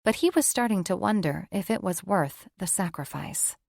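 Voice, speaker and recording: A woman narrating a fantasy romance audiobook in an even, measured way. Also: mid-range voice, gravelly, no echo, clean studio sound. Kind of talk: scripted narration.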